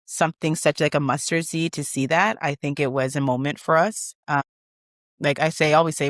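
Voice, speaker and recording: Woman guest, animated and emotional storyteller, dry close sound. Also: low-pitched, a little fast, no echo. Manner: animated, emotional, acts out quoted dialogue. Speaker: guest, business founder. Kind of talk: conversational interview storytelling.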